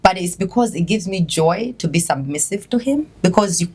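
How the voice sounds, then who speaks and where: Low-voiced chatty young woman. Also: lively intonation, moderate pace, a little mellow, breathy edge. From Uganda. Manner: chatty, mixes languages mid-sentence, many "like" fillers. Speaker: interview guest. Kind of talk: casual interview chat.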